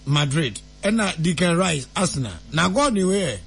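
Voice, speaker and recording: High, lively Ghanaian man, creaky edge. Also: moderate pace. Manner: mock-solemn pronouncements mixed with loose joking. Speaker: comic self-styled seer. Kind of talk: comedic prophecy skit.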